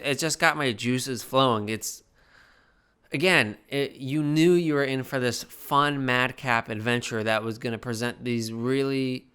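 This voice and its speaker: A young man giving a casual, rambling film review, profane and animated, with many restarts, and a little tipsy. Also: medium pitch, clean tone. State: slightly tipsy.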